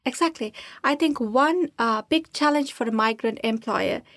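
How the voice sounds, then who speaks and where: Higher-voiced woman asking interview questions. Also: moderate pace, fairly bright tone, no echo. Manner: brief backchannel replies.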